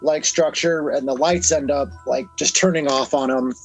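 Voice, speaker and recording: A man's voice: mid-range voice, steady tone, moderate pace, faint music behind, rough recording. A young man co-hosting a podcast, recapping a horror film in loose, profane chat and laughing often. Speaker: podcast co-host. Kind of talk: casual movie review chat.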